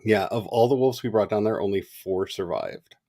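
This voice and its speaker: A man co-hosting a livestream in casual chat, animated and chatty, laughing often. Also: on the low side, moderate pace, creaky. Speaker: livestream co-host.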